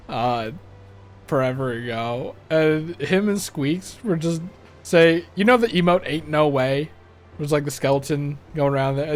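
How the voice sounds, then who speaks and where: A young man doing casual let's-play commentary, chatty and rambling, laughing easily. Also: fairly high pitch. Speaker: game streamer.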